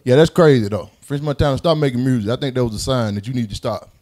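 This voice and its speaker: A man hosting a casual group chat, loud and animated, laughing and cursing as he talks. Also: medium pitch, quick pace. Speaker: podcast host.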